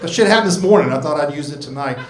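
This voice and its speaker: A man's voice: on the high side, expressive, very fast, heavy background noise. A man in his sixties doing a stand-up comedy set in a club, rambling, profane and self-mocking, working the crowd. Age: 60s. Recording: echoey club room.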